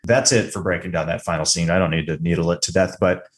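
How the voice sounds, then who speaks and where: A man's voice: deep voice, quick pace. A man co-hosting a podcast, chatting casually about a film, joking and acting out quotes as he talks. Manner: animated, joking, acts out quotes. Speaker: podcast co-host. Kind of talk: casual film review chat.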